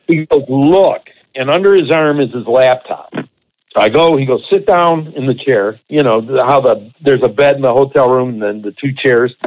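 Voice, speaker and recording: A man co-hosting a podcast, telling a long, animated, profane anecdote in a casual way. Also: mid-range voice, normal speed, lo-fi sound. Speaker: podcast co-host. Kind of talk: casual storytelling.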